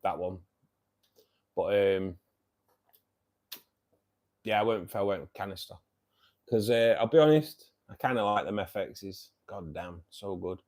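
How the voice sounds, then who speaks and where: His voice is lowish and darkish, unhurried, with frequent pauses. As host of a fishkeeping livestream, he chats casually through viewer comments, teasing people and cracking jokes with plenty of laughter.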